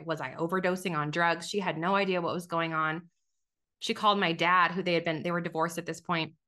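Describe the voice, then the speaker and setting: Woman in her thirties, podcast guest, candid testimony, bright forceful tone, slightly low pitch. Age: 30s. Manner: candid, conversational, with many fillers and restarts. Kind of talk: personal testimony.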